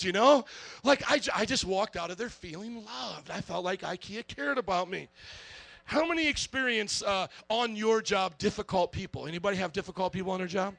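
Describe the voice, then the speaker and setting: A man preaching a sermon as a pastor, telling stories with lots of energy, acting out other people's voices and shouting now and then. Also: very high voice, a little fast, vocal fry, no room sound. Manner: animated storytelling, acts out voices, shouts.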